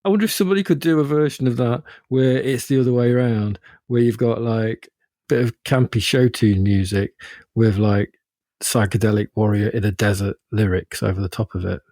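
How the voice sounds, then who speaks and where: A man's voice: mid-range voice, steady tone, brisk, dark tone, no echo, studio quality. A man co-hosting a podcast, musing thoughtfully in casual chat. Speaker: podcast co-host.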